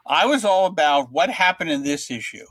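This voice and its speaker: A middle-aged man, a comic book writer guest, telling anecdotes in a lively way and acting out the lines of the people in them. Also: fairly high pitch, normal speed, slightly rough, no room sound. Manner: lively storyteller who acts out other people's lines.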